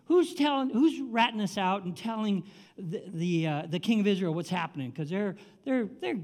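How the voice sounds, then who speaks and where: A man's voice: sits high, lively intonation, moderate pace, darkish tone. An older man doing an exasperated king. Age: 70s. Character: irritated ancient male king, suspicious.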